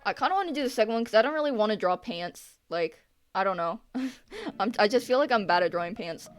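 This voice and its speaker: A woman's voice: mid-range voice, expressive, fairly quick, soft background music. A teenage girl chatting casually with her livestream chat while she draws, laughing often and answering viewers with playful sarcasm. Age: teens. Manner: giggly, sarcastic, talks back to chat. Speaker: art streamer.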